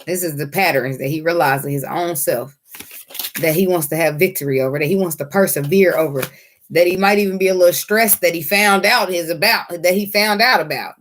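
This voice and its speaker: A woman giving a casual tarot reading, blunt, excitable and swearing freely. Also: fairly low pitch, fairly quick, slight background noise. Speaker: tarot reader.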